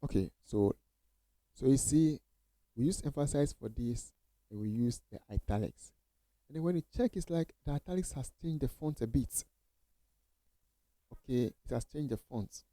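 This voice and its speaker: A man's voice: medium pitch, moderate pace, pauses often, mellow, dry recording, rough recording. A man teaching coding basics in a casual screen-share tutorial, repeating phrases and reassuring viewers with many okays.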